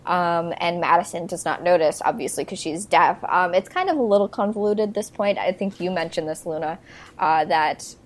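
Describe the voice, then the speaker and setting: A woman's voice: fairly low pitch, moderate pace. A young woman co-hosting a podcast, chatting casually about a movie, laughing often and filling her talk with "like" and "um". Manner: chatty, laughs often, recaps plot with many fillers. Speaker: podcast co-host.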